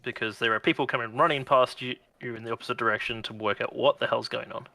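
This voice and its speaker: A man's voice: medium pitch, steady tone, fast, gravelly, bright, forceful tone. A man narrating a tabletop game as game master, casual and laughing, swearing freely.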